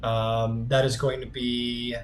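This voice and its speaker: A man's voice: mid-range voice, little pitch movement, takes it slowly, soft background music. Man game master in a roomy echo. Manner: loose, filler-heavy narration with casual swearing. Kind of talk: narrating a tabletop game.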